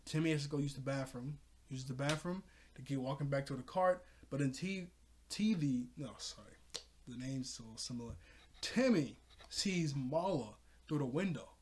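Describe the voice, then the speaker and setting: A man casually recapping a cartoon episode, excitable and laughing often as he talks to his viewers. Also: medium pitch, normal speed. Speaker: cartoon reviewer.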